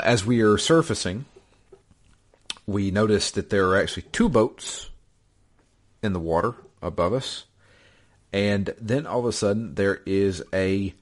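A married man casually recapping a video game he played, rambling with many fillers and restarts. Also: fairly low pitch. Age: adult, married. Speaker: podcast co-host recapping a game. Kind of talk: casual chat.

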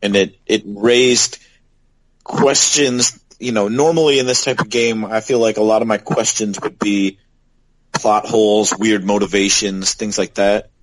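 A man's voice: on the low side, steady tone, unhurried, dry recording, rough recording. A man co-hosting a podcast in casual chat, talking thoughtfully and asking reflective questions. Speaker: podcast co-host.

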